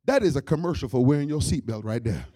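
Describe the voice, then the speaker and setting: A man telling a comic story in an animated way, with loud outbursts. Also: mid-range voice, quick pace, no echo, studio quality. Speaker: comedian. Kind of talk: comedic storytelling.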